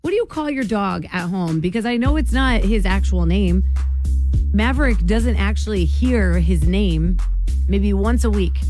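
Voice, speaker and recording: A woman's voice: medium pitch, warm tone. A woman hosting a morning radio show, chatting in a bubbly way and laughing often.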